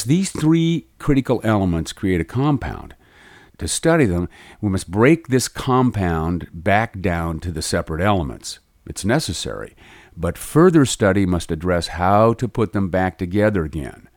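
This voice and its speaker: A middle-aged man teaching a voiceover lesson in a measured, explanatory way. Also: deep voice, big pitch swings, a little mellow, no room sound, clean studio sound. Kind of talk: instructional narration.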